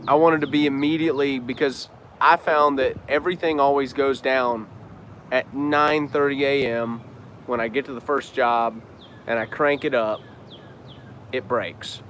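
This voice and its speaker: A man chats casually with viewers on a live stream in a loose, slangy way, cussing as he goes. His voice sits at an ordinary pitch, with faint traffic noise in the background. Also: fairly even intonation, unhurried, a bit bright. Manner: loose, slangy, cusses freely. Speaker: business owner and trainer hosting a live stream.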